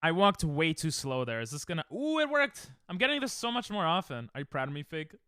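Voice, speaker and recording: A man's voice: fairly high pitch, very animated, quick pace, fairly bright tone, clear, resonant tone, no room sound, studio quality. A young man live-streaming, chatting to viewers in a rambling, self-mocking way while he plays. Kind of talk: casual live-stream chat while gaming.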